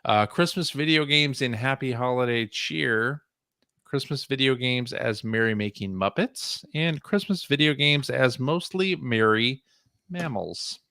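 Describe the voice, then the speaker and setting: A man hosting a podcast, talking in a loose, easygoing way with plenty of "uh"s as he sets things up. His voice sits at an ordinary middle pitch. The sound is close and dry, with no room around it. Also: animated, a little slow, pushed and bright, dry recording. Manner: loose and chatty, with frequent fillers. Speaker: podcast host. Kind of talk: casual podcast chat.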